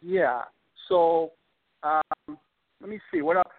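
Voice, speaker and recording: This interview guest speaks slowly in a fairly high voice, sounding modest and hesitant and leaning on lots of fillers. He has a Boston accent, and the casual conversation comes through a tinny phone line.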